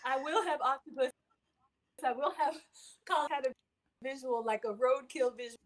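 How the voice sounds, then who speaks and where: Brief: bubbly woman host, higher voice, laughs through her sentences, cooking live. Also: moderate pace. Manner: giggly, excitable, talks in restarts. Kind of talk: casual chat on a video call.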